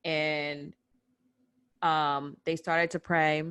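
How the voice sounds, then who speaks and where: Woman with a low, dry voice, storytelling. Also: very slow, clear, resonant tone, no echo. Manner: animated retelling with quoted voices. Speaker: podcast guest recounting a protest. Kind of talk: personal storytelling in casual chat.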